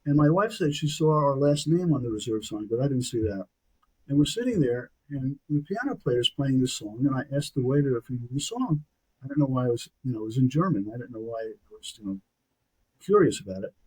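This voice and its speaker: Brooklyn-raised man in his 60s, New York accent, dark husky voice, animated anecdotal storyteller. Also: medium pitch, fairly quick, rough recording. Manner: animated anecdotal storyteller, tag questions like "okay?". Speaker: podcast guest, author. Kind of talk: personal storytelling.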